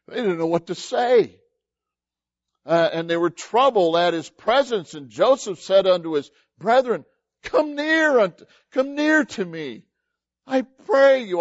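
Man preaching, high voice, conversational, dry muffled recording. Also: dry recording. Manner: conversational, reads scripture aloud with rising emphasis. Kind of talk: sermon. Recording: dry, dull lo-fi sound.

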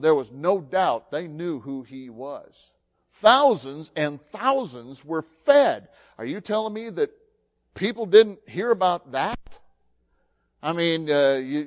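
Animated preacher man in an echoing hall. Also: high voice. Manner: animated, shifts from hushed to emphatic, acts out dialogue. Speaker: pastor. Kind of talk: sermon. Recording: dull lo-fi sound with long hall reverb.

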